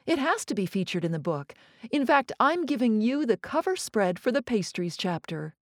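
A decisive, amused cookbook writer, voiced by a woman reading an audiobook, a touch higher than the narration. She sounds lively and sure of her taste. The sound is dry and close. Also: moderate pace, dry recording. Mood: delighted.

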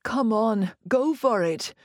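A man's voice: high-pitched, expressive, unhurried, darkish tone, dry recording. An exuberant, flirty French pastry chef in his thirties, put on by a woman reading an audiobook, with a French accent. He pleads, cheers and teases in turn. The voice is dry and close, with no room around it. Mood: pleading.

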